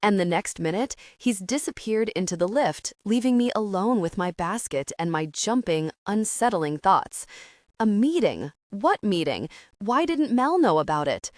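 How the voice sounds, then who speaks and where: A woman narrating a first-person comedy audiobook in an expressive, anxious way. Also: medium pitch, unhurried, no room sound, clean studio sound.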